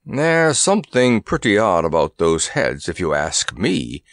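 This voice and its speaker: A man voicing a grumpy, proud male elephant in a storybook reading, with a gruff, grumbling manner. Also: on the low side, very animated, unhurried, a bit bright, no echo, clean studio sound, full character voice.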